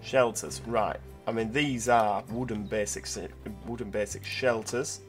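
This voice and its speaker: A man giving casual, chatty commentary while playing a zoo-building game, thinking aloud with lots of fillers, over quiet background music. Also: on the low side, fairly even intonation, unhurried. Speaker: gameplay video host. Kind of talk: casual let's-play commentary.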